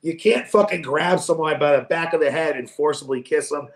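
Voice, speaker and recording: A man co-hosting a podcast, talking sports in a profane, animated way and acting out quoted voices. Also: a little high, a little fast, reverberant. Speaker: podcast co-host. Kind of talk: casual sports chat.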